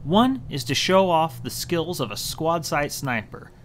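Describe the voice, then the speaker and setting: A man's voice: on the high side, sing-song, measured pace, a bit bright, slight background noise. Wry American man narrating a strategy game. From United States. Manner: wry, self-mocking. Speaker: let's play host. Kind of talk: gameplay commentary. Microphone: new studio microphone.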